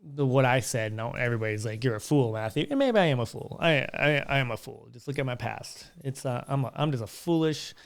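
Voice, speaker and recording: Young male podcast host, gravelly voice, casual rambling monologue with restarts, small curtained room. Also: mid-range voice, animated, a little fast, few pauses. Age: young adult. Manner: rambling storyteller with frequent restarts.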